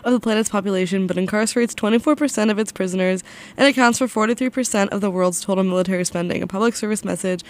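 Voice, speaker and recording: A woman briskly reads a public service announcement on college radio, her mid-range voice plain and steady. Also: medium pitch. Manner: brisk, read from a script.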